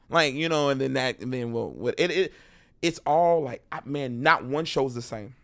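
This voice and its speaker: A Texan stand-up comedian chats casually as a podcast guest, animatedly acting out crowd voices as he tells stories. His voice is gravelly and medium in pitch, moving at a normal speed.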